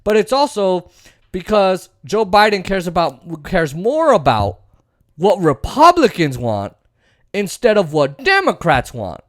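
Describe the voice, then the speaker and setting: A man's voice: sits high, very animated, unhurried, dry recording, clean studio sound. A man hosting a political commentary show, ranting bluntly and profanely with many fillers. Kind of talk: casual political rant.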